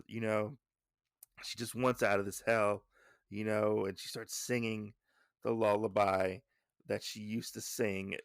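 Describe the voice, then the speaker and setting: Recapping a comic on his podcast, a man rambles casually with plenty of restarts and "you know"s. His voice sits lowish with vocal fry and a slight brightness, recorded dry and clean as in a studio. When paraphrasing characters' lines, he raises his voice.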